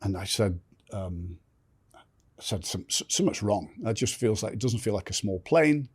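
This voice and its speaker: A man's voice: lowish voice, expressive, normal speed, husky. An older man telling his life story candidly as a podcast guest, blunt and swearing freely, often restarting sentences.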